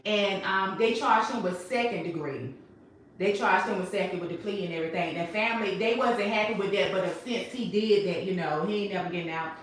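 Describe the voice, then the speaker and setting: Animated woman recapping in an echoey room. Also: medium pitch, brisk, slight background noise. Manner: animated, emphatic storytelling. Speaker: host. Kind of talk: casual recap chat. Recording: echoey room, mic at a distance.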